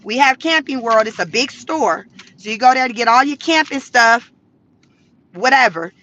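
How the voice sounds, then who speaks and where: A woman from the Southern US with a Southern accent, chatting to viewers in an animated, slangy commentary. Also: on the high side, normal speed, lo-fi sound, a little hiss or hum. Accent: Southern American. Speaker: commentary vlogger.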